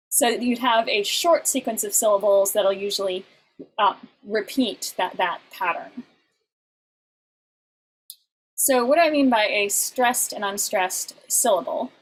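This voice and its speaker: A woman's voice: fairly high pitch, rough recording. A woman teaching a lesson on song lyrics over an online class, explaining patiently with many fillers and restarts.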